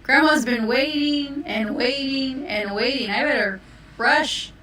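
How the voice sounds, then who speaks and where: Here is a carefree man in a red hat who shrugs off danger in a storybook tale, as a woman acts him out. He talks in a chirpy, matter-of-fact way, high and slow. The sound comes from a distant mic in a roomy space. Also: bright, forceful tone, a little hiss or hum. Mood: hurried. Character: cheerful unbothered deaf man in red hat.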